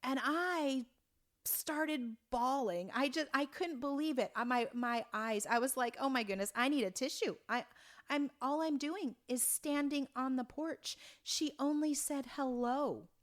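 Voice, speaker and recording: A woman in her fifties from Oregon, a podcast guest telling a story in an earnest, halting way with many restarts. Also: high voice. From Oregon, USA. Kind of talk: conversational storytelling.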